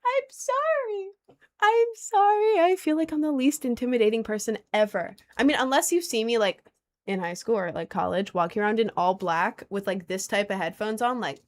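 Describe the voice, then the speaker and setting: Low-voiced, playful young woman streamer. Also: brisk. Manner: playful and giggly, with sudden squeaky bursts. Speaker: livestreamer. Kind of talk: casual livestream chat, reading comments aloud.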